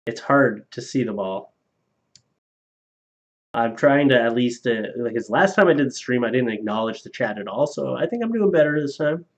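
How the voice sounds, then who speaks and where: Speaking at normal speed in a mid-range voice, a streamer reads out viewer donations with loose, profane chatter, chuckling at his own jokes. The lo-fi stream audio comes across slightly dull.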